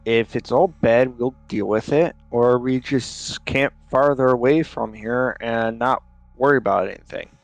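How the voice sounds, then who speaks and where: A male player in a tabletop game speaks slowly and deliberately. He pauses often and fills the gaps with hesitant ums as he lays out ideas. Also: mid-range voice, gravelly, no echo.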